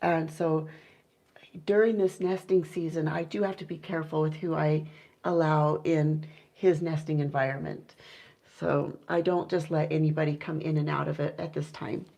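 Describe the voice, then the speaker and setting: A woman's voice: low-pitched, fairly even intonation, moderate pace, vocal fry, dark tone, poor audio. A woman chatting casually with her viewers about her pet owl, enthusiastic and full of fillers, now and then imitating owl hoots. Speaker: owl keeper and vlogger.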